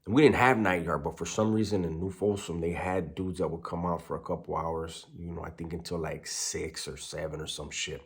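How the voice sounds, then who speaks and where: A former prisoner telling a story in casual street slang, sprinkling in Spanish words. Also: male voice, sits low, steady tone, a little fast, few pauses.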